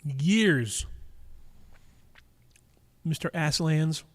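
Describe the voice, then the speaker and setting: A man's voice: fairly high pitch, very slow. A man hosting a live stream in casual chat, rambling with lots of fillers and teasing his viewers, talking into a microphone in a cigar lounge. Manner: rambling, chatty, many fillers and restarts.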